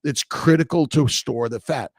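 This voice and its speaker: A man's voice: mid-range voice, moderate pace, no echo, studio quality. A middle-aged man, a doctor hosting a morning livestream, talking loosely and repetitively as he reads viewer comments, preachy and casually swearing.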